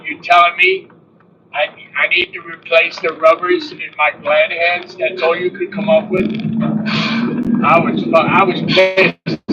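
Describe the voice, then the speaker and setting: A man with a high, bright voice tells an animated, swear-laden story from his trucking days. He sounds a little distant from the mic, with dull, lo-fi audio and a faint hum of a vehicle behind him. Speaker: truck driver vlogger. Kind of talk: casual storytelling livestream.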